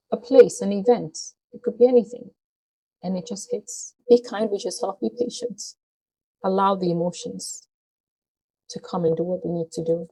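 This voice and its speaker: A woman's voice: lowish voice, dark tone, breathy edge, low-quality recording. A woman vlogger speaking to her viewers in a heartfelt, earnest way. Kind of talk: personal talk to camera.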